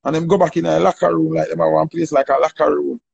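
Jamaican guy, really gravelly and husky voice, animated storytelling in patois. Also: fairly high pitch, quick pace, lo-fi sound. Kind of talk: casual storytelling interview.

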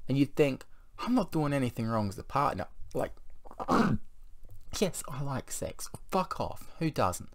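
A man in his thirties venting in a confessional vlog, rambling, blunt and full of swearing. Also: fairly low pitch. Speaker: vlogger.

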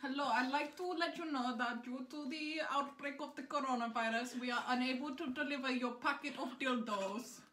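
A woman's voice: high voice, a little fast, few pauses, bright, forceful tone, reverberant. A young woman playing a polite male delivery caller on a prank phone call, with a put-on Indian accent and stiff, formal phrasing. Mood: mock polite.

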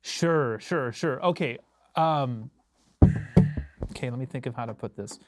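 A man hosting a bass-playing livestream from a recording studio, talking casually with viewers in a laid-back, rambling way and chuckling often. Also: measured pace, very noisy.

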